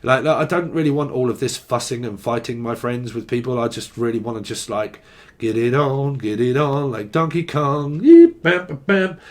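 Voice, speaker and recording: A man's voice: medium pitch, moderate pace. A man giving a freewheeling channelled tarot reading, rambling and jokey, with a lot of swearing. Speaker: tarot reader.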